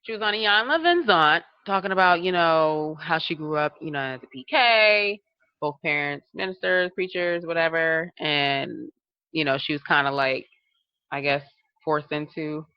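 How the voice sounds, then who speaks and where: Low, smooth and at normal speed, a woman's voice comes through with no room sound and the highs cut off. She co-hosts a podcast, chatting casually and telling animated stories packed with laughter and acted-out quotes.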